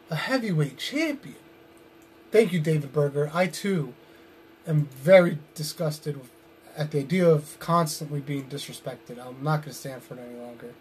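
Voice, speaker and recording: A man delivering a long wrestling promo as a pro wrestler, brooding and intense, with sudden loud bursts, sounding tired and drained. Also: on the high side, slight background noise.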